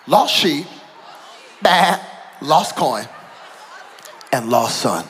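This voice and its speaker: Male pastor, very high voice, bright and forceful, middle-aged, church sermon, faint room noise. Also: lively intonation, moderate pace, some chatter behind. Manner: builds from quiet storytelling to shouted preaching. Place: church auditorium.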